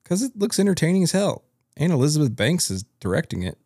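A man's voice: a little high, big pitch swings, fast talker, darkish tone, breathy edge, dry recording, clean studio sound. A man co-hosting a podcast, chiming in with blunt, teasing remarks in casual chat. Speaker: podcast co-host.

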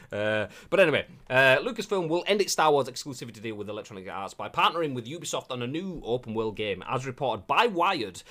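A man's voice: mid-range voice, very animated, a little fast, few pauses, a bit bright. A man hosting a casual live-streamed video game news show, reading articles aloud with jokey asides. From United Kingdom.

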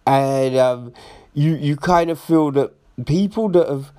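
A man's voice: fairly high pitch, takes it slowly, mellow. A young man in a casual, rambling rant about films, swearing often, restarting sentences and asking incredulous rhetorical questions. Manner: profane, rambling, frequent restarts.

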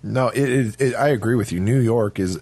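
A man's voice: medium pitch, fairly quick, a little mellow, breathy edge. A man on a film podcast giving strong opinions, emphatic and stumbling over his words as he builds a point. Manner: opinionated, emphatic, repeats words when starting. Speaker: podcast co-host. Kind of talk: casual film discussion.

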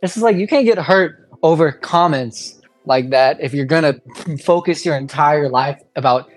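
A podcast co-host talks animatedly in casual chat, often laughing. The voice is mid-pitched and the room sounds dry. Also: normal speed, dry recording, soft background music.

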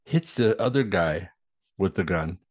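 Man, very low voice, laid-back, casual podcast chat. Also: animated, unhurried. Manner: laid-back, laughs often. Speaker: podcast co-host. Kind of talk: casual movie discussion.

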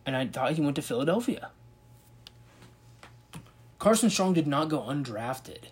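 Husky-voiced man giving casual sports commentary. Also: on the high side, sing-song, measured pace. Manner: thinks aloud and reacts with disbelief. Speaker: sports video host. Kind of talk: casual commentary on a football draft.

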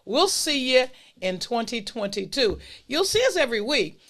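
A podcast host giving listeners an encouraging holiday message, laid out as numbered points and repeating key phrases for emphasis. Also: mid-range voice. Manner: steady, unhurried delivery with list-style points.

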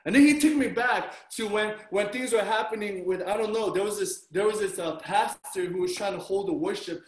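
High-voiced pastor preaching in an echoey room. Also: male voice, fairly quick. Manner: animated storytelling, acts out his own reactions. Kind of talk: sermon. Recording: roomy echo.

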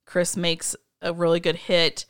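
Smooth-voiced gushing woman co-host. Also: lowish voice, unhurried, no room sound, studio quality. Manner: gushing, giddy, excitable. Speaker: podcast co-host. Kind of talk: casual chat about a movie.

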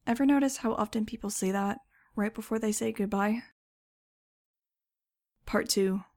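A woman reads a first-person audiobook with wry, measured storytelling. Her voice sits mid-range with a gravelly fry. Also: mid-range voice, a little mellow. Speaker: audiobook narrator.

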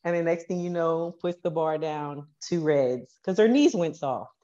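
A woman powerlifting coach, a podcast guest, telling stories in a lively, animated way and acting out what people said. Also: low voice, measured pace, lo-fi sound. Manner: animated, acts out quoted dialogue. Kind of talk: casual storytelling interview.

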